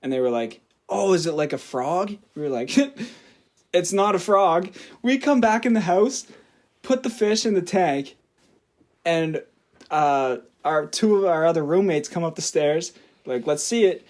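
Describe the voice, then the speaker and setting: A young man telling a story on his podcast, his voice sitting a bit higher than most men's. He talks loosely and animatedly, laughs through his own story and swears without a second thought. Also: lively intonation, a little slow, a little mellow. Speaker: podcast co-host. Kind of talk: casual storytelling.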